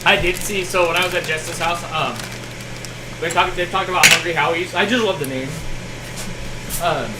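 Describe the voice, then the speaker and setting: A woman's voice: fairly low pitch, normal speed, long pauses. A woman co-hosting a home cooking show, rambling and hesitant with many fillers. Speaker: co-host. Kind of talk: casual chat while cooking. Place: home kitchen. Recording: home recording with background noise.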